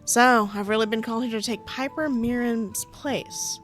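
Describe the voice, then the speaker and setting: A woman's voice: fairly high pitch, steady tone, moderate pace, a bit bright, soft background music. A young woman playing through a game, reading its text aloud and breaking off for playful, sarcastic comments. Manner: playful, chatty, sarcastic asides, frequent laughter. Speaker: game streamer.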